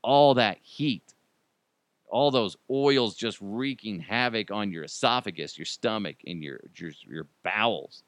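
A man's voice: fairly low pitch, measured pace, no echo. Man, comedic podcast host; mock outrage, silly voices, dry close mic.

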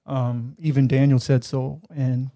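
A man co-hosting a podcast, talking earnestly about a film with many ums and pauses. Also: mid-range voice, flat delivery, mellow. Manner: hesitant, lots of ums, earnest. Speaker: podcast co-host. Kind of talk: casual movie chat.

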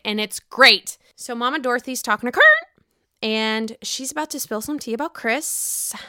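A woman's voice: mid-range voice, bright, forceful tone, dry recording, clean studio sound. A woman giving a casual, sassy, profane recap of a reality TV episode, acting out the cast's lines. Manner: sassy, profane, acts out quotes with voices.

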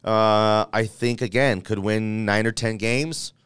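A man hosting a sports talk show, playful and animated as he works through playoff scenarios out loud. His voice is smooth and resonant. The sound is dry and close to the mic. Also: on the low side, slow pace, dry recording. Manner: animated, playful, thinks aloud with restarts. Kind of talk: casual sports debate.

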